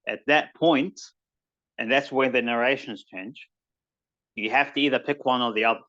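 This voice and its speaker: A man with a New Zealand accent and a mid-range, steady, fairly bright voice speaks at a normal speed over a muffled recording. He teaches an online tajweed class informally, rambling through explanations and occasionally reciting Arabic verses.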